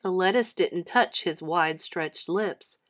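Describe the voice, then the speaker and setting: A woman reading a children's chapter book aloud with an expressive storytelling manner. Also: fairly low pitch, measured pace.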